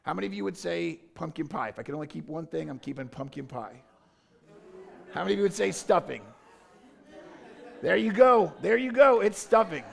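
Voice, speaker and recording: A man with a high-pitched voice and a gravelly edge calls out to a church crowd. He is jokey and energetic, stirring the congregation into a playful vote. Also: a little fast, long pauses. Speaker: pastor. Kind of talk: playful audience poll from the stage. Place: church service.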